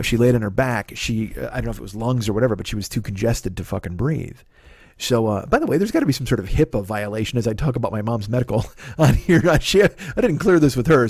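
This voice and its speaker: A man's voice: medium pitch, darkish tone, slightly rough, dry recording, studio quality. A man in his fifties hosting a comedy podcast, telling a rambling, profane story full of restarts. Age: 50s. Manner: profane, rambling, self-interrupting.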